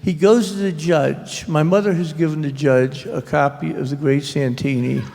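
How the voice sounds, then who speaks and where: A man speaks with a slightly high, gravelly voice, recounting family stories in a wry, halting way full of fillers. He is an author at a library talk, and his voice rings out in a reverberant hall. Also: fairly even intonation, darkish tone, a little hiss or hum. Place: public library event hall.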